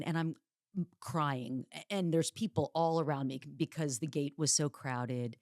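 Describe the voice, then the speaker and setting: Woman podcast host, lowish voice, dry close sound, chatty and candid, casual storytelling. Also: normal speed, dry recording. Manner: candid and chatty, with dark jokes.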